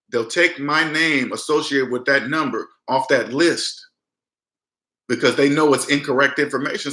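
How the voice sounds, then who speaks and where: With a fairly high, bright and forceful voice, a man lectures his viewers on personal finance in a blunt, emphatic way, often beginning his sentences again. It's a casual talk to the camera, recorded with a roomy echo.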